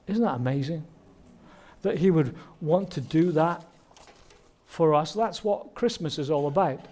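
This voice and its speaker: Male pastor, fairly high voice, earnest sermon delivery. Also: a little slow. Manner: earnest, warm preaching with rhetorical questions. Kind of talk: Christmas sermon.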